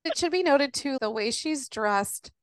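A woman co-hosting a casual book club podcast, frank and quick to laugh. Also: high-pitched, expressive, no room sound, clean studio sound. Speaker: podcast co-host.

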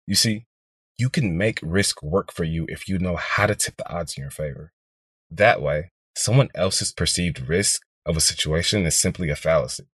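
A man in his twenties from Houston, Texas, hosting a podcast and telling a story in an energetic, motivational monologue aimed straight at listeners. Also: sits low, slightly rough, no room sound. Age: 20s. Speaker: podcast host, real estate investor.

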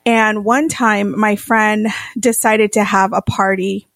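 A woman with a gravelly touch of vocal fry co-hosts a casual podcast. She talks in a laid-back, reflective way, and her voice sounds dry and close, with no room echo. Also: medium pitch, fairly even intonation, slow, fairly bright tone. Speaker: podcast co-host. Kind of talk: casual chat.

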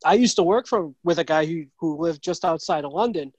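A man hosting a podcast over a video call, chatty and quick to laugh. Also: on the high side, animated, a little mellow, breathy edge, dry recording, dull audio. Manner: friendly, chatty, often laughing. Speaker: podcast host.

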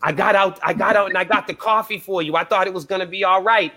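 Profane high-voiced man telling stories. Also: fast. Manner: profane, animated storyteller acting out dialogue. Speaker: band member guest. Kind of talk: casual storytelling. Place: live podcast interview.

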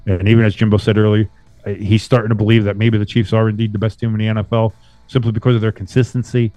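A man hosting a casual sports podcast, talking loosely and profanely with bursts of animated emphasis. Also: fairly low pitch, fast, dry recording, dull audio. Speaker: podcast host.

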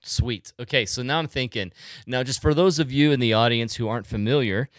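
A man hosts a relaxed interview and tells his stories with bursts of animation, laughing often. His voice is smooth and clear, recorded dry and close. He sounds middle-pitched and easygoing. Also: brisk, no room sound. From United States. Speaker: podcast host. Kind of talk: casual interview chat.

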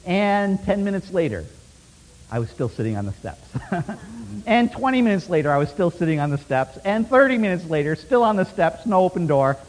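A man preaching a sermon as a lively story, laughing often and swinging from loud bursts to hushed asides. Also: high-pitched, moderate pace. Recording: long hall reverb.

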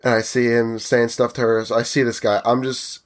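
Animated man telling a story. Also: mid-range voice, a little fast. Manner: animated, acts out the people in his story. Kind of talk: casual storytelling chat.

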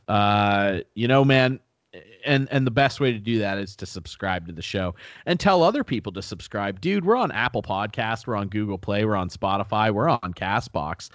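A man's voice: on the low side, fairly bright tone, no echo. A young man co-hosting a podcast in casual chat, goofy and rambling, swearing freely. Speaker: podcast co-host.

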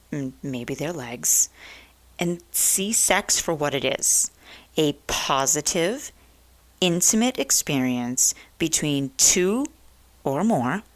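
A young adult woman hosting a talk radio show, ranting in a blunt, profane, provocative way. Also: fairly low pitch.

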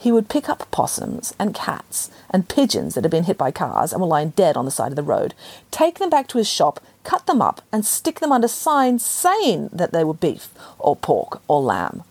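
A sardonic old grandmother spins a tall tale with a deadpan, mock-serious air, as a woman reading a storybook puts her on. Her voice swoops up and down with lively pitch and has a soft, breathy edge. The recording is close and dry. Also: normal speed, dry recording, exaggerated voice.

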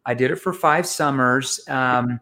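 Animated man telling sales stories. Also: medium pitch, a little slow. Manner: animated, self-mocking anecdotes with many restarts. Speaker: interview guest, sales trainer. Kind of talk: storytelling in a casual interview.

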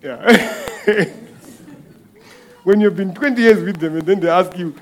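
A man with a high voice preaches a sermon as a guest speaker. He keeps it conversational and acts out little exchanges. He often repeats a word or restarts a phrase before he goes on. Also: unhurried. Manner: conversational preaching with acted-out quotes and rhetorical questions.

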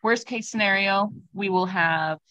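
A woman's voice: mid-range voice, measured pace, sharp tone, dry recording, low-quality recording. A woman co-hosting a casual live chat, talking in a chatty, upbeat way with lots of filler words. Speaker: artist and co-host.

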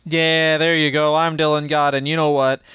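A man co-hosting a comedy podcast, riffing on crude bits and laughing through them. His voice is smooth and clear, a little high for a man, and the recording is dry. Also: flat delivery, moderate pace, a bit bright, dry recording. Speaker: podcast co-host. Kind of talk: casual comedic chat.

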